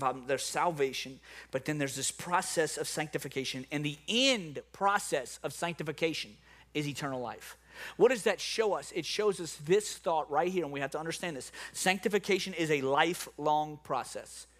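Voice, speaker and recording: A middle-aged man with a New Orleans accent preaching a sermon. He starts low and quiet, then builds to loud preaching. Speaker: pastor.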